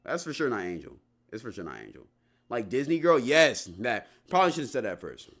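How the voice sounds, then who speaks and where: A man's voice: medium pitch, big pitch swings, brisk, a bit bright. A young man chatting casually on a livestream, answering his chat in a loose, slangy, rambling way full of restarts.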